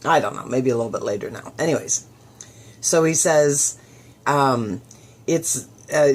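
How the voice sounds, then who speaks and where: Speaking deeply and unhurriedly with a darkish tone, this middle-aged woman hosts a motivational radio show. Originally from southwestern Ontario, Canada, she keeps things chatty and upbeat and performs the thoughts she quotes.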